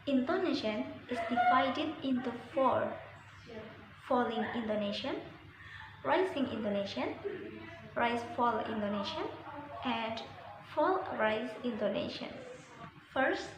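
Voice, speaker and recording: A woman's voice: fairly high pitch, reverberant, noisy background. A young woman student with an Indonesian accent, carefully reading a presentation on intonation. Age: young adult.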